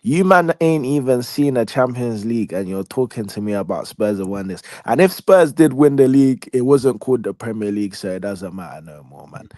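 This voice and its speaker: A man's voice: medium pitch, animated, fairly quick, hardly any pauses, a little mellow, no echo. A man ranting animatedly in casual podcast banter, full of street slang. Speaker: podcast co-host.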